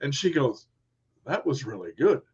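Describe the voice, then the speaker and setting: A man's voice: mid-range voice, moderate pace, breathy edge. A man hosting a radio interview show, chatting casually and acting out quotes as he tells stories. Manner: animated storyteller, acts out quotes. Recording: muffled lo-fi sound.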